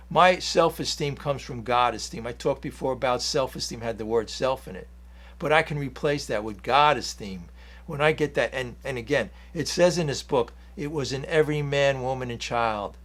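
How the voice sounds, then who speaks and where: A man giving an earnest, rambling spiritual talk on a 12-step program, reading passages from a book and restarting his sentences often. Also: medium pitch. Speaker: 12-step speaker.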